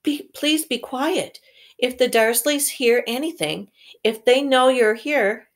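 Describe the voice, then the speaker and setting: A woman reading aloud slowly, voicing a polite, worried young boy wizard. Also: mid-range voice, lively intonation, creaky. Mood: urgent.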